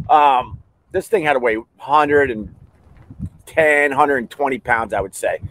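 A man in a casual podcast storytelling mode, his voice sitting a little high. He is animated and heated, and he shouts now and then as he retells events. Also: no echo, rough recording. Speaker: podcast host.

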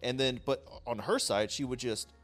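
A man in casual podcast chat, ranting with lots of swearing. His voice sits at an ordinary middle pitch but jumps up sharply when he gets worked up. Faint music plays underneath. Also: moderate pace. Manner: animated, profane ranting. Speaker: podcast co-host.

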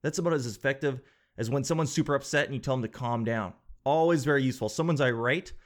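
A man's voice: medium pitch, fast talker. Rambling sarcastic man. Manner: rambling, sarcastic, jokey, swears casually. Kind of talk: casual comedic monologue.

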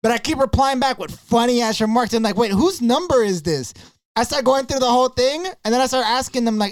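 A man co-hosting a podcast, telling stories in a casual, profane, animated way. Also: very high-pitched, fairly quick, no echo, clean studio sound. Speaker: podcast co-host.

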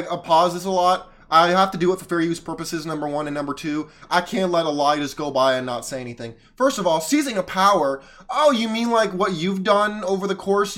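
A man with a high, light voice hosts a solo commentary show. He talks with heavy sarcasm and stops clips again and again to argue back at them. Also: a bit bright. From United States. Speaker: podcast host.

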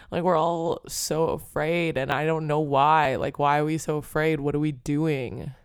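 With a low, clear and resonant voice, a young woman delivers a casual solo podcast monologue on her own show. She rambles, pokes fun at herself, and scatters "like" and offhand swearing throughout. The sound is studio quality, with no room sound.

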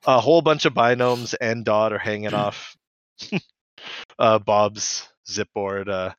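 A man's voice: fairly low pitch, fairly even intonation, a little slow, clear, resonant tone, dry recording. A man co-hosting a casual podcast who recaps a cartoon episode in a chatty way. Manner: chatty, acts out characters' lines. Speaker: podcast co-host. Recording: dry, slightly dull mic sound.

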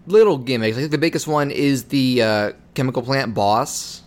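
A man co-hosting a podcast, chatting casually about video games in a relaxed, measured way and steering the talk. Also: mid-range voice. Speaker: podcast co-host.

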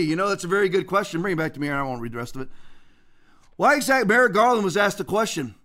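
A man with a high, bright, forceful voice hosts a commentary show. He rants and preaches in an emphatic way, quoting scripture as he goes. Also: sing-song, racing. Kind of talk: political commentary with scripture quotes.

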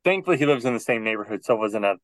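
A man's voice: fairly low pitch, animated, fairly bright tone, no room sound, rough recording. Man telling a rambling story, dry sound. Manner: rambling anecdote, quick restarts, acting out quoted people. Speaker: podcast co-host. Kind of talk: casual storytelling chat.

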